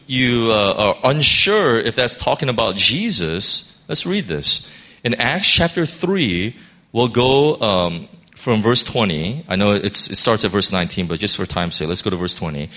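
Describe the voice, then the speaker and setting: Bright-voiced man teaching the Bible. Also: medium pitch. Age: adult parent of a school-age child. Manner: earnest, reads scripture aloud and stumbles into restarts.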